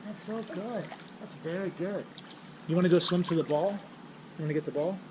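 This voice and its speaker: A man's voice: high-pitched, a little fast. A man giving a live swimming lesson to his young child in a pool, cheering, counting and calling out playful coaching cues in a sing-song way. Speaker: swim instructor and parent. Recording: loud splashing water noise.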